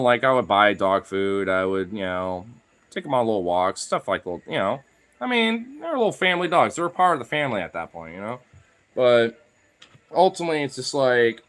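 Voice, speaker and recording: A man's voice: mid-range voice, fairly bright tone. A man vlogging in a rambling, filler-heavy casual chat, now and then talking to his dogs.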